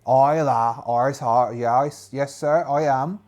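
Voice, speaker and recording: A man's voice: mid-range voice, moderate pace, darkish tone, close to an everyday voice. A man voicing a frightened, sick, dim-witted male innkeeper who rambles anxiously in a solo tabletop game. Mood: nervous.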